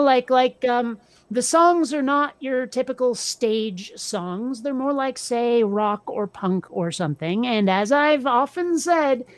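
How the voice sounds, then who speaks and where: A woman's voice: on the high side, no echo. A woman hosting a casual chat, blunt and profane, wry and a little tired. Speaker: podcast host.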